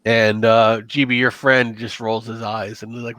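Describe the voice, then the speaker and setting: A man narrating a tabletop horror game as game master, in a relaxed, chatty way. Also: on the low side, moderate pace, no echo.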